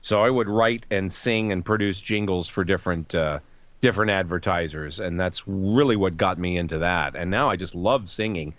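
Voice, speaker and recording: Middle-aged man, low voice, lively storyteller, dull dry recording. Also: normal speed, dry recording. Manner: animated anecdotes with voice impressions. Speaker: voice actor guest. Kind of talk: casual interview storytelling.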